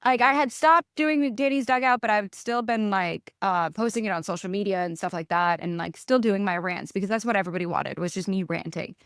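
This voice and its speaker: Animated ranting woman with a New York accent. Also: medium pitch, a little fast, few pauses, clean tone, no room sound, clean studio sound. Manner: animated, ranting, swears freely. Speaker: guest. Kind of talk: casual interview storytelling.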